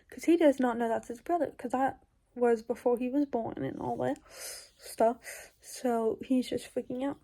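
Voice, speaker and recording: A woman's voice: a little high, normal speed, warm tone. A woman recounting a dream in casual, rambling storytelling, full of fillers and sometimes dropping into whispers. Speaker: YouTuber.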